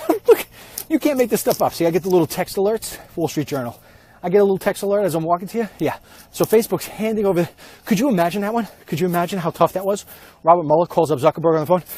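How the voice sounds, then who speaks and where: A man's voice: high voice, lively intonation, very fast, warm tone, husky. A man hosting a comedic, rambling and sarcastic monologue while walking outdoors at night. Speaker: host. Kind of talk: comedic walk-and-talk monologue.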